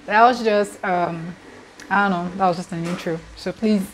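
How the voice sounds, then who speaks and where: A woman's voice: on the low side, steady tone, normal speed, slight background noise. Earnest Nigerian woman vlogging. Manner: earnest, questioning, frequent ums. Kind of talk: casual talk to camera.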